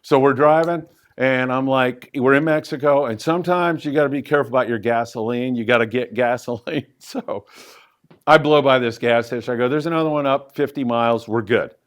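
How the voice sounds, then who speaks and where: In an event room before a live audience, a middle-aged fishing show host answers questions with lively fishing stories. He talks fairly quickly and loosely with fillers, his pitch leaping upward for emphasis.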